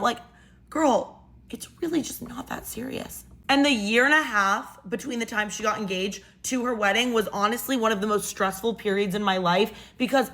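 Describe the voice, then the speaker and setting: Young woman, casual storyteller, chatty and sassy. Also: medium pitch. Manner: chatty, animated, sassy asides.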